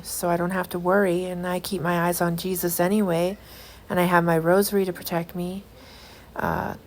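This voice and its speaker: A woman shares a personal testimony in a vlog. Her voice sits a little low, and she talks earnestly in halting phrases, often restarting. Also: a little hiss or hum. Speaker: vlogger.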